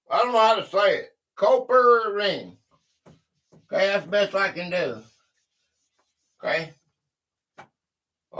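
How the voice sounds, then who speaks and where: Man, livestream host, high voice, unhurried, chatty. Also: fairly bright tone. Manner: chatty, greets viewers by name, thinks aloud. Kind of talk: casual livestream chat.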